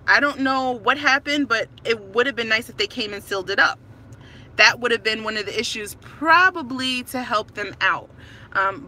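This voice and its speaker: A woman's voice: on the high side, bright, forceful tone, slight background noise. A stressed woman in her thirties, a tenant filming a complaint on her phone, talking emphatically and repeating herself in frustration. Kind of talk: ranting to camera.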